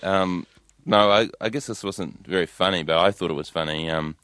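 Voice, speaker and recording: A deep-voiced man with a New Zealand accent answers in an understated, deadpan way, often dryly literal. The sound is close and dry from a studio microphone. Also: normal speed, smooth, no room sound. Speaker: guest comedian. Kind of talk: casual interview.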